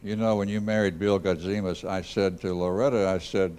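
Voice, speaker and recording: A man hosts an interview with easygoing, folksy questions. His voice sits a little low and stays unhurried throughout. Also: steady tone, darkish tone, clean tone. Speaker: host. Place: concert hall stage.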